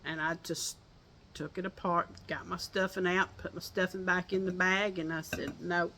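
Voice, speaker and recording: A woman's voice: fairly low pitch, steady tone, moderate pace, sharp tone, slight background noise. An older woman with a Southern accent, chatting folksily to her viewers outdoors on a porch and laughing often. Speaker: crochet vlogger. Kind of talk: casual chat to viewers.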